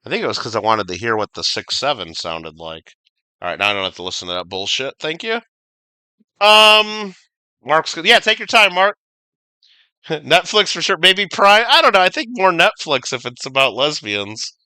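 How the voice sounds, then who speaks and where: Male streamer, casual gaming chat, lively pitch, dry close mic. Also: normal speed, no echo. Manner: chatty, reads viewer comments aloud, swears casually.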